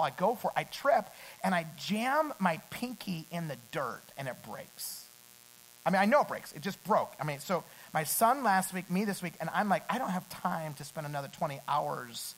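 A middle-aged man preaching a sermon. He climbs to loud, emphatic peaks and then drops back to a quiet storytelling tone. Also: fairly high pitch, lively intonation, brisk, low-quality recording.

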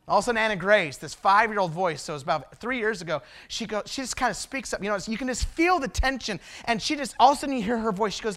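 A man's voice: sits high, lively intonation, fast, few pauses, a bit bright. A male traveling preacher giving a sermon, telling personal stories in a conversational way and asking the audience rhetorical questions.

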